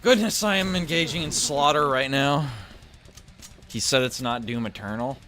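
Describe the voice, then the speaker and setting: A man's voice: mid-range voice, moderate pace, pushed and bright, soft background music. Profane, chatty man playing a shooter. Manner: swears freely, talks to chat between kills. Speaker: gaming streamer. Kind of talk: casual gameplay commentary.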